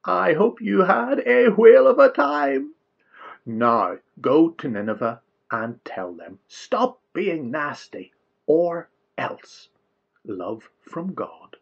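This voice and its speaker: A man voicing a firm divine voice that reads out stern letters slowly and deeply, on a dull lo-fi recording. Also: very animated, vocal fry, breathy edge, full character voice.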